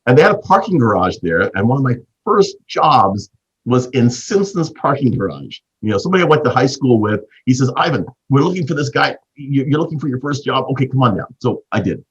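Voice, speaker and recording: A man in his fifties from Canada, hosting and telling a business story as an animated storyteller with a husky voice. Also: fairly quick, highs cut off. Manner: animated storyteller, big swings in pitch. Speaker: host.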